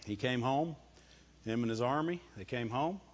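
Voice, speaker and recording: A man's voice: mid-range voice, expressive, normal speed. A man preaching a sermon in a conversational style, asking rhetorical questions and answering them himself. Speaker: pastor. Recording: dull lo-fi recording.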